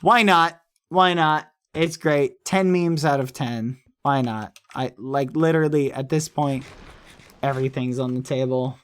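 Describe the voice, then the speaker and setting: A man's voice: medium pitch, measured pace, a bit bright, clean tone. A rambling, reassuring young male streamer. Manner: reassuring, rambling, apologetic, reads chat and donations. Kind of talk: casual live-stream chat.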